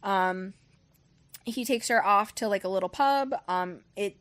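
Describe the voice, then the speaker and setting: A woman's voice: medium pitch, a little slow, fairly bright tone. A woman hosting a book club podcast, recapping a story in a rambling casual way, full of ums and likes and the odd casual swear.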